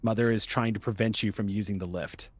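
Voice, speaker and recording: A man's voice: on the low side, fairly even intonation, brisk, husky, no echo. A man acting as game master, patiently explaining rules and narrating a tabletop role-playing game.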